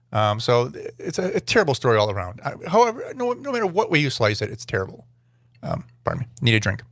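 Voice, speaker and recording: Man, podcast host, casual commentary over clips, rambling, dry sarcasm, mid pitch, dead dry sound. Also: a bit bright, no room sound. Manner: rambling, self-correcting, dryly sarcastic asides.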